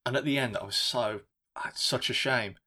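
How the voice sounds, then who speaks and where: A man's voice: medium pitch, moderate pace, sharp tone, slightly rough. A man co-hosting a casual film review podcast, rambling and swearing as he jokes. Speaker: podcast co-host.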